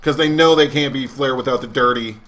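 A man's voice: medium pitch, brisk, fairly bright tone. A man commentating a wrestling video game as a let's play host, joking in a mock announcer way. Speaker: gaming channel host.

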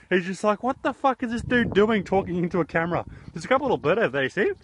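A man's voice: sits high, big pitch swings, fast, background noise. Jokey Australian man rambling outdoors. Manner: jokey, rambling, self-mocking. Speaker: YouTuber host. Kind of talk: goofy outdoor vlog. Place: outdoors in a horse paddock. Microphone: handheld camera.

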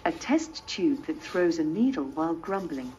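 A text-to-speech woman's voice playing a polite multilingual humanoid robot, speaking in a measured, even way. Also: low voice. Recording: dull muffled sound with faint hiss.

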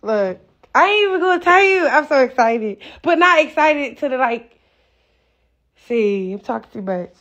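A high-pitched woman rambles excitedly on a live stream, dropping slang and losing her train of thought as she goes. The sound is dull and lo-fi, like a phone recording. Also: normal speed. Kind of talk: casual live stream talk.

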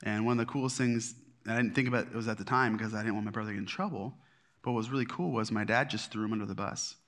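A man's voice: on the low side, quick pace, a bit bright. A middle-aged man teaching a marriage class at church in a conversational, self-deprecating way, with many fillers and restarts. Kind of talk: casual teaching talk.

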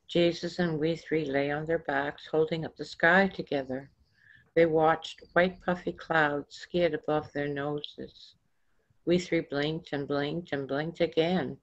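A woman author reading her own story aloud in a slow, measured storybook manner. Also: low voice, fairly even intonation. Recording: dull lo-fi recording.

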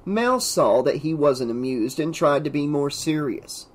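A man narrating a horror novel audiobook in a steady, measured way. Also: a little high.

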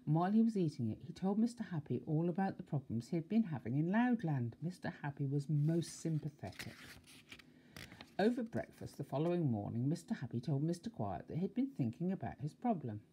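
Older grandmother reading a storybook aloud, low and warm, with lively asides to a child. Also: fairly quick, a little hiss or hum.

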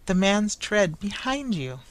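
A narrator voicing an anxious young woman who questions with high, urgent pitch. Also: big pitch swings, slow.

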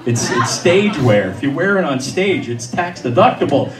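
A man's voice: fairly high pitch, big pitch swings, normal speed, noisy background. A man voicing a breezy woman clothing designer during a live story. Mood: offhand. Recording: echoey room, mic far off.

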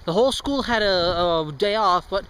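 Walking down a street as cars go past, a teen boy records a casual vlog. He rambles, trips over words, cracks jokes and swears offhandedly. His voice sits high at a moderate pace, and there's background noise.

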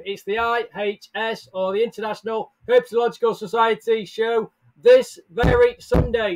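A man chats live to his viewers in a bright, high-pitched voice. He is upbeat and casual, calling out names from the chat and laughing easily between greetings. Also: steady tone, measured pace. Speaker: livestream host. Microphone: headset or earbuds with desk mic.

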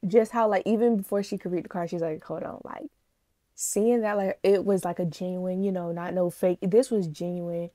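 A woman reaction vlogger in a casual chat to her viewers, speaking, animated, gushing and emotional. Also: on the low side, moderate pace, no room sound, studio quality. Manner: chatty, animated, addresses viewers as y'all.

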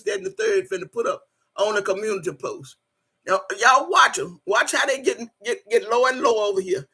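A woman's voice: a little high, brisk, sharp tone, husky. A woman hosting a casual livestream. She reads viewer comments aloud, laughs often and calls the viewers "y'all". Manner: urges viewers to like and subscribe. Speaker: channel host.

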